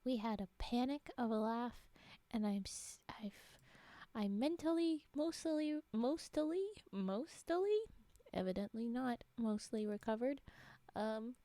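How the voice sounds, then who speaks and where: A woman hosting a livestream in casual chat, giggling often and rambling, with frequent drops into a breathy whisper. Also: on the high side, a little slow, warm tone, no room sound. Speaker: livestream host.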